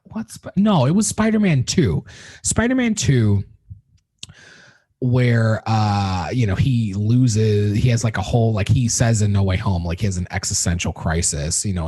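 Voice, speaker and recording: A man's voice: mid-range voice, darkish tone, slightly rough. A man hosting a podcast, ranting through a casual movie review, swearing a lot, rambling with fillers and laughing often. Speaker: podcast host.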